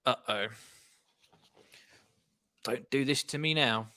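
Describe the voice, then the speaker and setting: Exasperated man with a bright, forceful voice. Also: medium pitch, slow. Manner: animated, exasperated fan commentary. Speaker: football watchalong host. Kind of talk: live match reaction commentary.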